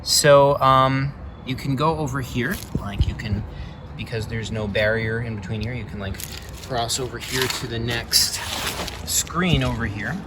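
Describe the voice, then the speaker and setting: Speaking at a measured pace and medium pitch, a man rambles through a casual tour of his paper game, full of "like" and "um." Heavy background noise and background music accompany him.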